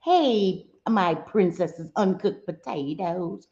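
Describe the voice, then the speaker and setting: A woman's voice: on the low side, animated, takes it slowly, dark tone. A woman hosting a casual livestream from her home, chatting with viewers and mixing in Spanish exclamations. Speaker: livestream host. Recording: echoey room, dull lo-fi sound.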